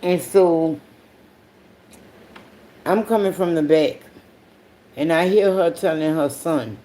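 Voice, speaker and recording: A podcast host telling a story in a casual monologue, blunt and profane, breaking into sudden high outbursts and laughing along the way. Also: slow pace, dark tone.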